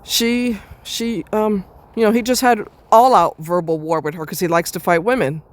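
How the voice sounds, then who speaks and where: A woman's voice: mid-range voice, steady tone, normal speed, no room sound. A woman venting in a casual monologue, blunt and profane, rambling with restarts as she rants. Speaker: vlogger.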